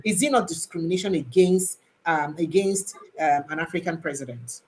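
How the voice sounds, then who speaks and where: A woman's voice: fairly low pitch, normal speed, a little mellow, slight background noise. A woman with a Nigerian accent hosting a live talk show, pressing her caller with questions and slipping into Pidgin. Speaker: host.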